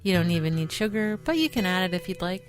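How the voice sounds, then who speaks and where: A woman's voice: on the low side, very animated, fast. Enthusiastic woman in casual chat. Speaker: co-host.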